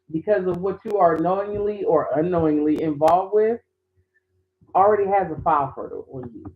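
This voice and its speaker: A woman talking in a rambling, conversational way in a casual commentary vlog, with many restarts. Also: mid-range voice. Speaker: YouTube commentator. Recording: tinny phone-like sound.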